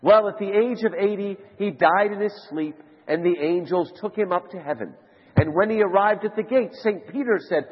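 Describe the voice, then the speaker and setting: High-voiced man lecturing in a big hall. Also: normal speed, slightly rough. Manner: animated storyteller, rising to high excited shouts. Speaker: conference speaker. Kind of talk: lecture with jokes to a live audience. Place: large conference hall. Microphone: handheld mic. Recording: lo-fi hall recording with long reverb.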